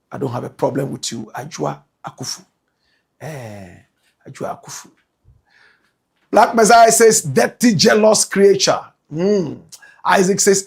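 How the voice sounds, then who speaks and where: A man with a Ghanaian English accent hosting a talk show, reading out viewer comments and answering them, swinging between loud outbursts and low muttered asides. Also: vocal fry, slightly rough. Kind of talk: animated commentary.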